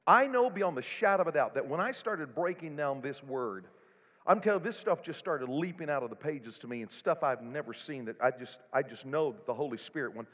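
A male pastor preaching a sermon in a church, animated and building to loud exclamations. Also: a little high, fairly quick. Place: church sanctuary. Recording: echoey hall.

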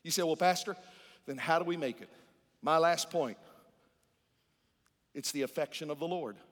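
A male pastor preaching a sermon, calling out questions to the congregation and swinging between loud emphatic lines and hushed ones. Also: fairly high pitch, normal speed. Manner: preaching with call-and-response to the congregation. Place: large church hall. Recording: long reverb of a large hall.

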